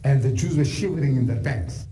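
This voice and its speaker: A South African man giving a storytelling religious lecture, animated and full of conversational asides. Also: mid-range voice, a little fast, slight background noise, poor audio. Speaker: Islamic lecturer.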